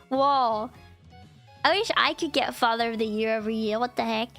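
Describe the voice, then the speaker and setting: A playful woman streamer chats with her viewers in a high voice, unhurried and giggly. She often pauses to thank people. Soft music plays faintly behind her. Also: vocal fry. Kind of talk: casual live-stream chat.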